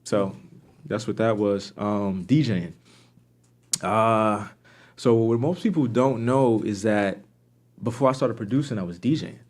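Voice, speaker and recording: A young man from New York, a podcast guest who produces music and DJs, chatting casually and telling animated stories. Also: measured pace, pauses often. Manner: animated, acts out quoted voices with big pitch jumps. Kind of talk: casual storytelling chat.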